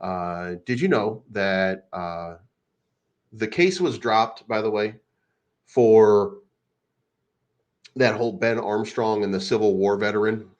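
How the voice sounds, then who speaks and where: A low-voiced man rants in a loose, rambling way, crude and mocking as he hosts a crypto channel. His voice comes through a dull, lo-fi recording. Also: slow pace, long pauses. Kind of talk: casual unscripted rant.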